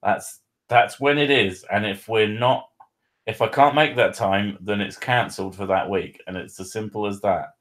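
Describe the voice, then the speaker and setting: A man's voice: lowish voice, fairly even intonation, moderate pace, a bit bright. A man hosting a casual livestream, joking and laughing often, swearing freely, and reading questions from chat. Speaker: host.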